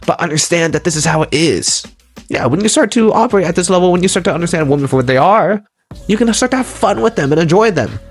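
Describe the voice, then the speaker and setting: A man of middle pitch delivers a motivational dating lecture. He is emphatic and repeats himself, pressing the listener with rhetorical questions. Faint music plays behind him. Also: breathy edge. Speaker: dating and self-help lecturer. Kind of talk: motivational monologue.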